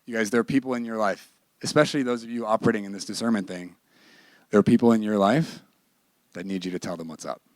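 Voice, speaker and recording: A man's voice: fairly low pitch, fast, darkish tone, no room sound, clean studio sound. A man teaching a ministry class in a candid, emphatic, conversational sermon style. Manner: emphatic and candid, with bursts of laughter.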